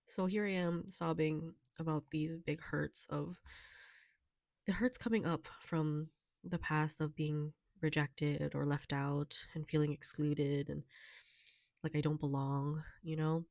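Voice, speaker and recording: A young woman talking softly and haltingly in a personal vlog, tearful and emotional, with many fillers. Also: low-pitched, flat delivery, vocal fry, dry recording, studio quality. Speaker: vlogger.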